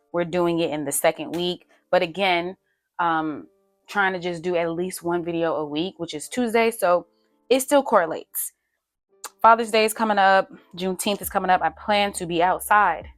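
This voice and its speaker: A young woman with a low voice chats through her budget, playful and teasing herself as she reads out figures. Her tone stays casual, like talking to friends from her desk. Faint music plays softly underneath. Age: young adult. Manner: chatty, playful, self-teasing, counts numbers aloud. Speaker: budgeting vlogger. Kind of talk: casual chat while budgeting on paper.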